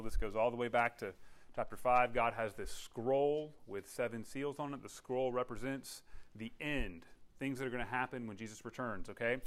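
A man preaching a sermon, explaining a passage in a relaxed teaching manner and often checking in with his listeners. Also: mid-range voice. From United States. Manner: conversational teaching with frequent "okay?" check-ins; restarts and filler-heavy, explanatory. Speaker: pastor.

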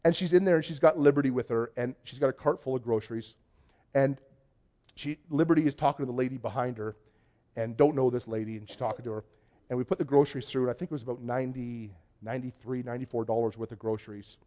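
A man preaching a conversational sermon to his congregation, telling stories in an excitable, chatty way. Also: medium pitch, fast. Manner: chatty storytelling, excitable, many restarts. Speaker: pastor. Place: church before a congregation.

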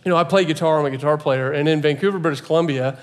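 A man delivers a sermon from the pulpit, chatting with the congregation and joking with them. His voice sits a little on the high side, and he builds steadily toward loud, emphatic peaks. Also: very fast. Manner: conversational with jokes to the congregation. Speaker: pastor.

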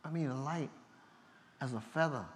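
A man's voice: medium pitch, a little slow. A middle-aged man, a pastor telling his story, acting out the dialogue and laughing at himself. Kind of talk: storytelling testimony talk. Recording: long hall reverb from a large venue.

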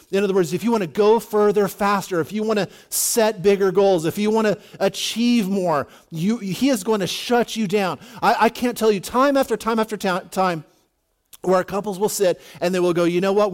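High-voiced man preaching a casual sermon. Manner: casual, repeats words and restarts, says "you know" often. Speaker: pastor. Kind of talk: conversational sermon.

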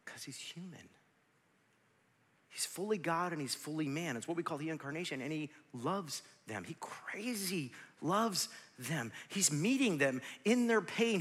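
A man in his forties preaching a sermon, swinging from loud shouts to near whispers, with joking asides to the congregation. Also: fairly high pitch, expressive, unhurried, husky, in a large hall. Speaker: pastor.

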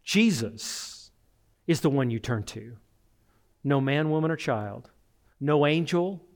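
A man's voice: fairly high pitch, lively intonation, takes it slowly, darkish tone. A middle-aged man, a pastor, preaching a sermon in an earnest, direct way with repeated phrases.

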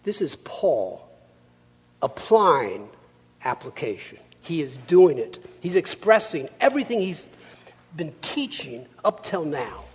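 A man delivers a sermon in a church, moving from scripture reading into lively, conversational storytelling. His voice sits a little high and is husky. His pitch swings widely, and a long reverb trails behind him. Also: slow. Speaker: preacher. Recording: long reverb of a large hall.

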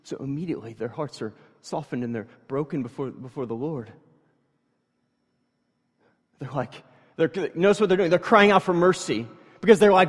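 Preacher with echoing hall reverb. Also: male voice, on the high side, moderate pace, pauses often. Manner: swings from quiet reading to loud emphatic preaching; conversational, with fillers and restarts. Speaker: pastor. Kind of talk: sermon.

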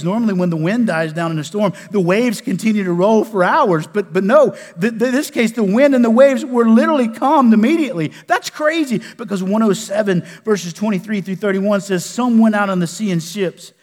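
A male pastor preaching a sermon in a folksy way, dropping to a hush and rising to loud bursts. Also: high voice, fairly quick, hardly any pauses. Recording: echoey hall with long reverb.

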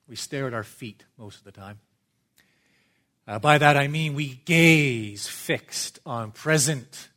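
A middle-aged man delivers a sermon in a church. He speaks in a measured, earnest way, lifting his voice for emphasis and sinking to soft, low asides. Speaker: preacher.

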